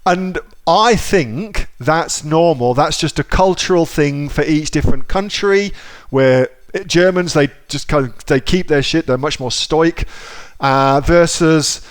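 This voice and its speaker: A man's voice: on the high side, unhurried. A man giving a casual screen-share tutorial about selling online, chatty, repeating himself and swearing offhandedly. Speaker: online seller teaching.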